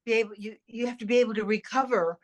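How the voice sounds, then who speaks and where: An older actress, a guest in an interview, talking in a rambling, animated way with many restarts and repeated words. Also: female voice, a little high, quick pace. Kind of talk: casual interview chat.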